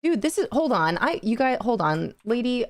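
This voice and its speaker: A woman's voice: on the high side, sing-song, normal speed, dry recording. Giggly young woman streamer, dry close mic. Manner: giggly, chatty, reads chat aloud and laughs often. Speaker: livestream gaming host. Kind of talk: casual chat with live chat.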